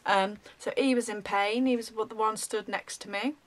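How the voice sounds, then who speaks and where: A woman vlogger telling a story in a rambling, animated way, full of ums. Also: mid-range voice, normal speed. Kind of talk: casual storytelling.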